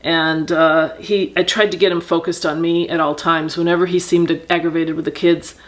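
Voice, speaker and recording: A middle-aged woman tells her own story to the camera in a fairly low voice. She speaks earnestly and reflectively, halting often with fillers and restarts as she gathers her thoughts. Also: little pitch movement. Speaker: vlogger telling personal story. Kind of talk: candid personal storytelling.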